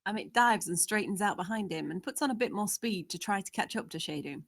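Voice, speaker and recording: A woman's voice: mid-range voice, lively intonation, a little fast. A woman narrating, steadily reading out the scene descriptions of a screenplay.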